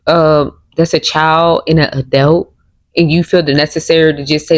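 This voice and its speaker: Sex: woman. Role: co-host. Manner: blunt, sarcastic. Pitch: fairly low. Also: moderate pace. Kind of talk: reaction commentary.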